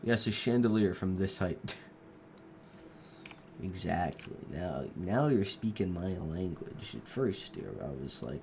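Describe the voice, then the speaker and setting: A young man fighting a cough talks through a game in a very deep, gravelly voice, rambling from one joke to the next and losing his train of thought. He speaks into a desk mic with a faint hiss and keyboard clicks behind him. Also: sing-song, slow pace, darkish tone. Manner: rambling, joking, drifting off mid-thought. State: sick with a cough. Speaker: gaming video creator. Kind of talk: rambling gameplay commentary. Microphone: desk microphone.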